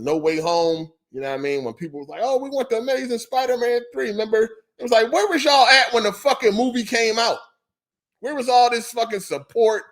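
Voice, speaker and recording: A podcast host livestreams a casual gaming chat over a headset, his high, fairly bright voice running through a loose, profane rant in which he keeps repeating his points.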